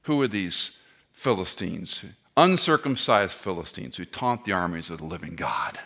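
A middle-aged man preaching a sermon, impassioned, swinging between loud cries and hushed tones, with self-deprecating asides. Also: fairly low pitch, lively intonation, moderate pace, vocal fry. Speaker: pastor.

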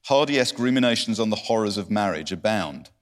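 A man with a fairly low voice speaks in a measured, reflective way during a book discussion. He reads out critical lines and then gives his own view calmly. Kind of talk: reading a review, then casual discussion.

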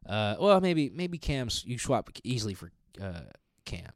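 A man's voice: medium pitch, very animated, unhurried, no echo, clean studio sound. Man rambling in casual sports chat. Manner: loose, rambling, slangy. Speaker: podcast host.

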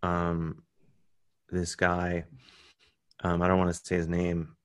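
Man, American, comedian guest, casual storytelling, lowish voice, animated quoting. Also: slow, clean tone, no room sound, clean studio sound. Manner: animated, jumps into high voices when quoting others.

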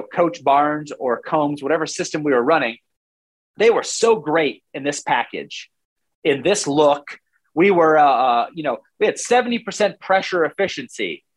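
A man's voice: a little high, animated, moderate pace. A man in his forties, a former player now analyzing football in casual talk, rambling animatedly and acting out what coaches would say.

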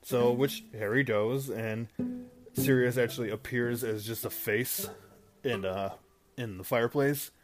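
A man's voice: medium pitch, a little slow. A man hosting a podcast, casually recapping a movie into his phone, rambling and often correcting himself mid-sentence. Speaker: podcast host. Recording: music playing underneath.

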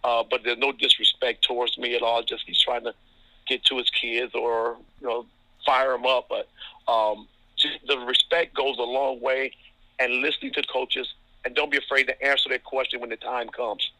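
A man from Ohio, a basketball referee, speaking with a very bright, forceful tone. He tells stories about coaches in a chuckling, chatty way, full of fillers. The sound is dry and close. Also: mid-range voice, level tone, moderate pace, dry recording, rough recording. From Toledo, Ohio. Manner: chuckling, anecdotal, lots of fillers. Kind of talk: casual storytelling interview.

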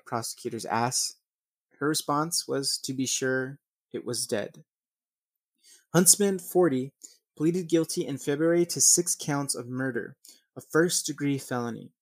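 A man's voice: medium pitch, no room sound. A man narrating true crime cases, reading from news articles and adding blunt, swearing commentary, often stumbling and restarting. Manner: reads news text then rants with swearing; stumbles and restarts over names.

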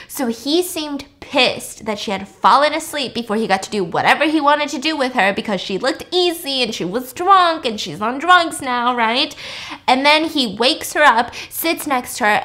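A woman's voice: high voice, bright, forceful tone. A woman recapping a film in a chatty, casual way, full of "like" and swearing. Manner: chatty, heavy use of "like", swearing. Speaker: podcast host.

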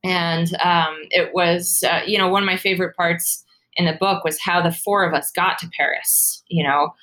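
A woman guest in a casual interview, telling her story in a lively, animated way with many fillers and laughs. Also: lowish voice, moderate pace. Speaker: guest, former pro cyclist and author.

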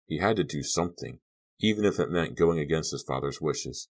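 A man narrating a horror audiobook in a measured, suspenseful way. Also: extremely low pitch, animated.

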